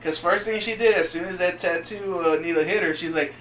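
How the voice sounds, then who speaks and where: A man on a casual comedy podcast telling crude anecdotes in an animated way, acting out the people in them. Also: sits high, a little fast, hardly any pauses, noisy background. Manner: animated, acts out voices in anecdotes. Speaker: podcast co-host. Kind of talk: casual storytelling chat. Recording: echoey, off-mic room sound.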